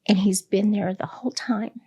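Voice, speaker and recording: A middle-aged woman, a hospice director, candidly telling a personal story in an interview, pausing often with fillers. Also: mid-range voice, fairly even intonation, dark tone, breathy edge. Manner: candid and reflective, with many pauses and fillers.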